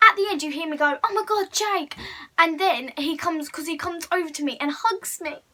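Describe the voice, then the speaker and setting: A woman's voice: sits high, fairly quick, heavy background noise. A teenage girl telling a gushing, breathless fan story on her vlog. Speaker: vlogger.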